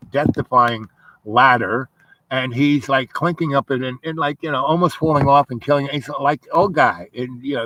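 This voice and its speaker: A man's voice: mid-range voice, noisy background. A man telling a rambling personal dream story, meandering through asides and many fillers.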